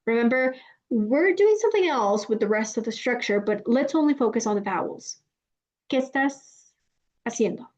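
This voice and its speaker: A young woman with a Mexican Spanish accent teaching a lesson, speaking clearly and deliberately and drawing out her example phrases. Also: on the high side, expressive, darkish tone. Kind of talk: explanatory lesson. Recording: dull lo-fi sound.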